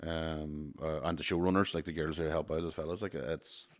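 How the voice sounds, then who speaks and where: A man hosting a podcast in casual, rapid chat, swearing and laughing often. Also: extremely low pitch, level tone. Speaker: podcast host.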